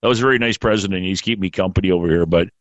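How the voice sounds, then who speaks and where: A man hosting a podcast in casual chat, rambling and halting, swearing freely. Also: low-pitched, no room sound, dull audio. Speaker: podcast host.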